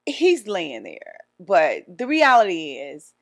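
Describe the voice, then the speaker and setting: A woman's voice: lowish voice, wildly swooping pitch, takes it slowly, creaky. A woman in her forties co-hosting a podcast, talking in a casual, earnest and reflective way, often restarting her sentences. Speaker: podcast co-host. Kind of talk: casual chat.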